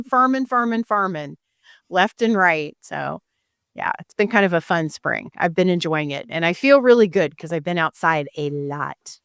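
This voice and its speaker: A woman's voice: deep voice, clear, resonant tone, no echo, studio quality. A middle-aged woman with a Missouri accent hosting a podcast, talking in a chatty, rambling way and laughing easily. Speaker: podcast host and photographer. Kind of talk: casual podcast chat.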